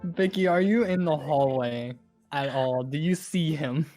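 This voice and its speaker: A woman's voice: low voice, unhurried, dark tone, soft background music. A woman narrating a tabletop game as game master in a casual, matter-of-fact way.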